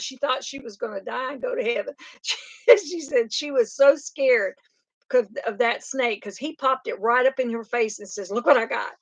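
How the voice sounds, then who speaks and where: Older woman, rambling chatty stream host, slightly high voice. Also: no echo. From Oklahoma. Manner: chatty, rambling, laughs often. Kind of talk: casual chat reading comments.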